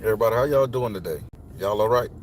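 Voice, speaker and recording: A man's voice: fairly low pitch, quick pace. A man ranting casually to his viewers, rambling with repeated restarts and plenty of swearing. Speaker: spiritual tarot vlogger. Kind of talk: casual profane rant to viewers. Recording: outdoor street noise with cars.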